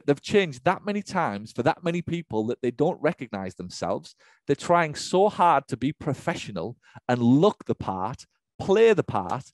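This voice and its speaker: A man's voice: fairly high pitch, creaky, dry recording. A man, working as a business coach, ranting through an online webinar with lots of swearing and emphatic repetition. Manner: profane, emphatic, rapid-fire rant.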